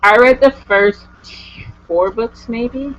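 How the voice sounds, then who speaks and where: A woman's voice: on the high side, slow. A woman vlogger chatting casually with a guest, gushing and rambling with lots of "like". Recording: dull lo-fi home recording.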